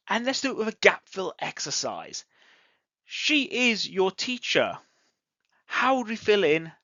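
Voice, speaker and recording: Lively, slow-paced English teacher. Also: mid-range voice, no room sound. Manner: deliberate, acts out example sentences with exaggerated intonation. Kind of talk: scripted online grammar lesson. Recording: dull lo-fi audio, dry close sound.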